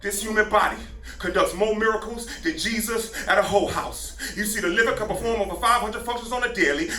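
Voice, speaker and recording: A man performing slam poetry intensely, building to shouted lines. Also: extremely high pitch. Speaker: spoken word poet. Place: live venue, room with audience. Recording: echoey live room from far off.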